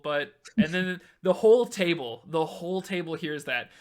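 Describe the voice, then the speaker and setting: A man narrating a tabletop game as game master, animated and laughing often. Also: on the high side, moderate pace, hardly any pauses, clear, resonant tone.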